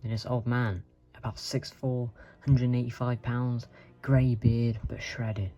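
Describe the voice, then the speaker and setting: Mock-boastful man, mellow voice. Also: mid-range voice, unhurried. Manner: mock-boastful, deadpan absurd. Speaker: channel host. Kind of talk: comedic storytelling. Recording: dull lo-fi with faint music.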